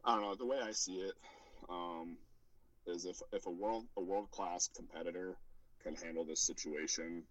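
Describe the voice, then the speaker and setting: A man with an extremely deep voice talks in a relaxed podcast chat. He is a powerlifting coach who hesitates often and fills the gaps. The sound is dry and close. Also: moderate pace, no room sound, rough recording. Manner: hesitant, many fillers and restarts.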